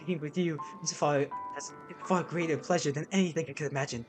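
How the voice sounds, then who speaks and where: A man voicing a soft-spoken young woman who talks in a hushed, creepy, intense way. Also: fairly high pitch, steady tone, brisk, music in the background, close to an everyday voice. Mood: obsessive.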